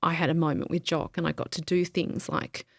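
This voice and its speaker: A woman speaks in a lowish, gravelly voice, telling a personal story as a podcast guest. She talks haltingly, often pausing, saying "um" and starting over. The sound is close and dry, with no room around it. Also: fairly even intonation, no echo. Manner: halting, many ums and restarts. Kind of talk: emotional interview, personal story.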